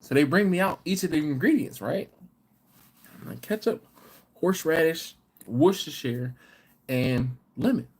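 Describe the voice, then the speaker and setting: This American barbecue live-stream host has a voice on the high side, slightly rough, with lively intonation, a measured pace, and long pauses. He rambles through a story in casual chat and reads out viewer comments.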